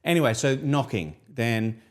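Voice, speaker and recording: An Australian man in his thirties co-hosts a podcast, telling a long story in casual chat and jumping into high voices when quoting people. His intonation is lively and his delivery unhurried.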